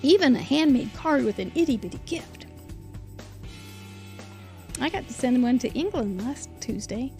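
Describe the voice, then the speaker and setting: A woman's voice: high-pitched, animated, normal speed, long pauses, a little mellow, faint music behind. A middle-aged woman hosting a live crafting show, bubbly and chatty, laughing often and tripping over names.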